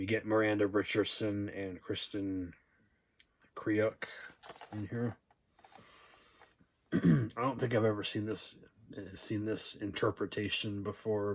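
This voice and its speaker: A young man casually going over his thrift-store movie finds, rambling with lots of fillers. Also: lowish voice. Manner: relaxed and rambling, with many "uh" and "um" fillers. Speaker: thrift haul vlogger. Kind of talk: casual haul video, reading out DVD titles and cast lists.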